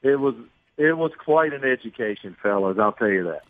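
A man's voice: mid-range voice, expressive, a little fast. A man, a sportscaster guest telling self-deprecating stories in a phone-in radio interview. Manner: storytelling, self-deprecating, chatty. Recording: tinny phone line.

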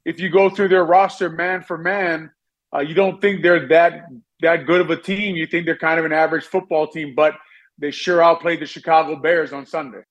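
A former football player working as a radio analyst, delivering blunt critique in a measured way. His voice is a bit high for a man, and he fills pauses with "uh". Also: level tone, fairly bright tone, dull audio.

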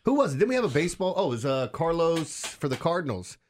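A man's voice: on the high side, sing-song. Teasing male radio co-host. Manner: teasing, quick to laugh. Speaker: radio morning show co-host. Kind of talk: casual banter.

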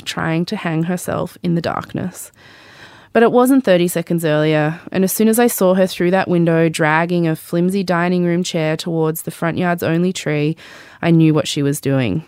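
A woman's voice: on the low side, darkish tone, smooth, no room sound, clean studio sound. A woman with an Australian accent reading her memoir aloud, wry and candid, with joking asides.

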